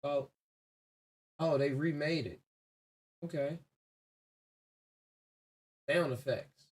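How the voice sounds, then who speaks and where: A man's voice: on the high side, drawn-out words, darkish tone, husky. A man hosting his own podcast live, talking casually in a loose, rambling, reflective way with frequent laughs. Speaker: podcast host. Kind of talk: casual solo livestream podcast talk.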